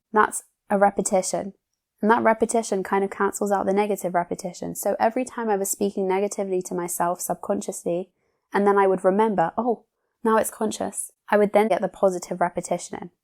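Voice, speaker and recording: A woman's voice: medium pitch, darkish tone. Earnest woman hosting a self-help podcast. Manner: earnest, coaching, uses rhetorical questions. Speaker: podcast host. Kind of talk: reflective solo podcast talk.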